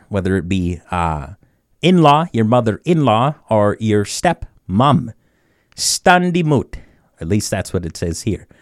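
A man hosting a community radio show, teaching words slowly and often chuckling at himself. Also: mid-range voice, no echo, clean studio sound. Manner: chuckles often, slow deliberate word repetition. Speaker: radio host. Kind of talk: community radio language segment.

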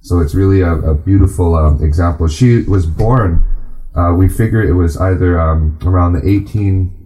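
A man teaching a class, speaking unhurriedly with many fillers and restarts, then reading aloud slowly to the group. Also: sits low, mellow, rough recording. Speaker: language and culture teacher.

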